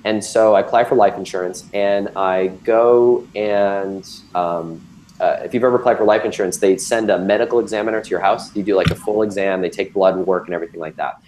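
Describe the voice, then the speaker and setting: Telling his own story as a guest, a thirty-something man describes a health scare candidly, filling it with ums and restarts. His fairly low, slightly mellow voice stays steady at a fairly quick pace. Poor audio carries slight background noise.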